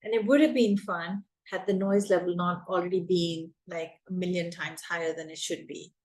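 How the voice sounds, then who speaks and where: A woman's voice: on the low side, fairly even intonation, normal speed, darkish tone, poor audio. Woman, teacher coach, emphatic advice talk, repeats key points.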